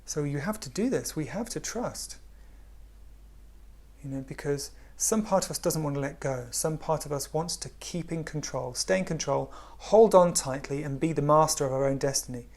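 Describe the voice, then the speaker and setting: A man giving a spiritual talk in a gentle, unhurried way, often dropping to a hush. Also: on the high side. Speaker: spiritual teacher.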